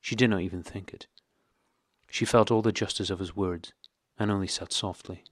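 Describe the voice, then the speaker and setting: A man narrating an audiobook of a classic novel in a measured, steady way. His voice sits low, and the recording is dry and close. The pacing is even and unhurried. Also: no room sound.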